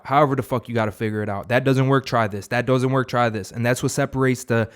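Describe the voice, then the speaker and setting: A man's voice: mid-range voice, steady tone, fast, few pauses. A young man giving an unscripted, profane motivational monologue as a vlogger, rambling with many fillers and restarts.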